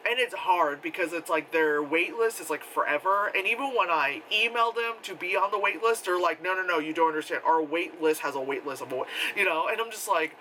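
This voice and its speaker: A man's voice: a little fast, few pauses, a little hiss or hum, rough recording. A man vlogging a casual convention recap, rambling and swearing freely, laughing often and acting out what people said in a raised voice. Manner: animated, acts out quotes in a high voice, laughs often.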